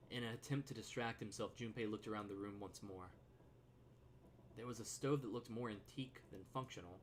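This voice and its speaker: A man streaming a game, chatting loosely and swearing freely as he reads the story narration aloud. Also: on the low side. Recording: steady background noise.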